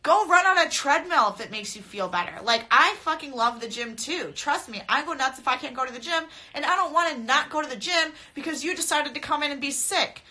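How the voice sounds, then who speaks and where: A woman's voice: sits high, animated, a little fast, few pauses, sharp tone. A young adult woman fighter chatting casually on a phone live stream, blunt and profane, often laughing as she talks straight to her viewers. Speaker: mixed martial arts fighter. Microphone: phone camera.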